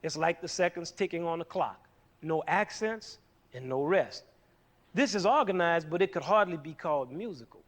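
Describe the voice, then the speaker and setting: A music teacher gives an animated lesson on rhythm, putting questions to his listeners and drawing out their answers. His voice is on the high side, at a moderate pace.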